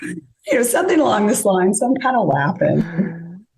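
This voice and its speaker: Woman guest, warm low voice with vocal fry, casual storyteller. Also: very animated, normal speed. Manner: chatty, acts out both sides of conversations.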